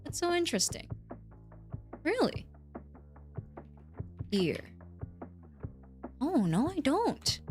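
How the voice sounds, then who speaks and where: A woman's voice: high-pitched, very animated, slow, pauses often, a little mellow, soft background music. A woman streamer chatting casually with her viewers, rambling and giggling as she answers chat.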